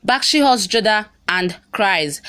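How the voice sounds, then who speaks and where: A woman's voice: medium pitch, lively intonation, a little slow, a bit bright, clear, resonant tone. A woman narrating a TV episode recap, reading steadily and voicing every character's lines in her own voice. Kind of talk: plain read-aloud story recap.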